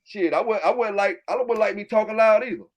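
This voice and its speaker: A man with a Southern US accent who hosts his own channel about his dog kennel, ranting loudly and with plenty of swearing to his livestream chat. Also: high-pitched, fairly quick. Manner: loud, fired-up, profane, keeps repeating filler tags. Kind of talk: livestream rant answering chat.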